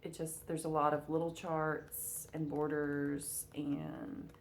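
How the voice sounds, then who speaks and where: A woman's voice: sits low, little pitch movement, slow, gravelly, a little hiss or hum. A woman vlogger chatting casually to camera at home, with many fillers and a touch of hiccups. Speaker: cross-stitch vlogger.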